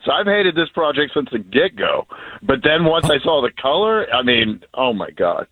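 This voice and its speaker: A man's voice: mid-range voice, very animated, normal speed, slightly rough, no room sound. Blunt man on a tinny phone line. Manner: blunt, exasperated, stammering restarts. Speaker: caller's husband on phone. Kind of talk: live phone call on radio. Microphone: telephone. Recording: dry narrow phone line.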